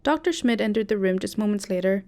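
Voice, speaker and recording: A woman's voice: medium pitch, animated, fast, a little mellow. Woman narrating a spooky story. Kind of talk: first-person horror story narration.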